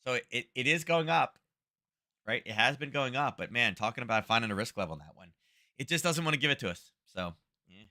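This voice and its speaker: His mid-range voice is lively in intonation, a little fast, and pushed and bright. He's the host of a casual trading livestream, giving live market commentary while thinking aloud, tagging remarks with "right?", and naming viewers as he talks to them.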